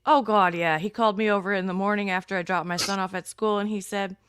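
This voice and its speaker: A woman's voice: medium pitch, fairly even intonation, quick pace, fairly bright tone, clear, resonant tone, dry recording, clean studio sound. A middle-aged woman co-hosting a stream, telling a personal story frankly with wry humor. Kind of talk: casual chat.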